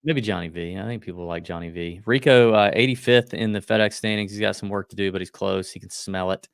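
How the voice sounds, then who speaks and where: Gravelly man on a golf podcast. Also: lowish voice, no room sound, studio quality. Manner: quick, loose, joking delivery. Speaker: podcast co-host. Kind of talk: casual golf betting chat.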